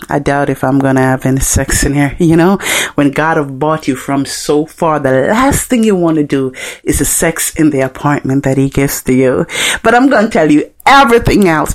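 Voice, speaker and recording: Jamaican woman podcast host, low voice, slow and chatty, jokey storytelling. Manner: chatty, joking, laughing between lines. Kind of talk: casual storytelling monologue.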